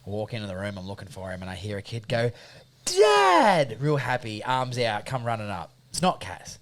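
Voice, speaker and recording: A man, co-hosting a casual podcast in a dry, low-key way. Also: fairly even intonation, fast talker, fairly bright tone, a little hiss or hum. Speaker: podcast co-host. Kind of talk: casual chat.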